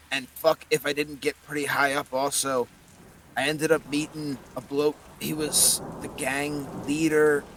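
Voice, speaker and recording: A man's voice: mid-range voice, fairly bright tone, slight background noise, close to an everyday voice. A man voicing the spirit of a dead werewolf speaking through its skull, coarse, swearing and pained.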